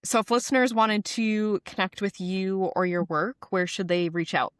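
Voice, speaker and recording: A woman's voice: mid-range voice, steady tone, normal speed, clean tone, no echo, clean studio sound. A woman hosting a podcast in casual chat, affirming her guest often. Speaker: podcast host.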